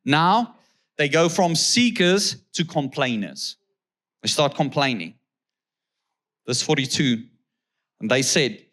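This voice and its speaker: South African preacher with a raised voice. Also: male voice, fairly high pitch, expressive, fairly bright tone. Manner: reads scripture slowly, then asks the crowd rhetorical questions; keeps checking in with "okay?". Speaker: guest pastor. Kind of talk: sermon with scripture reading.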